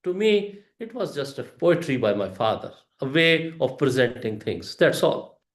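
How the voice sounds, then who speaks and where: A man giving a prepared storytelling speech to a club audience, with a deliberate delivery, pauses and emphatic rises. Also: mid-range voice, very animated, reverberant.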